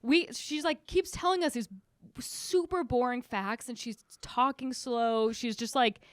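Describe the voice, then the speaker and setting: A woman co-hosting a podcast, telling a story in casual chat, animated and swearing freely. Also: fairly high pitch, a little slow, no room sound, clean studio sound. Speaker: podcast co-host.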